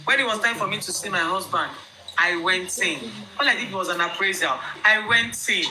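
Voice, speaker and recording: A young Nigerian woman with a Nigerian accent telling viewers her own story in an emphatic, animated way. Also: mid-range voice, normal speed, background noise. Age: young adult.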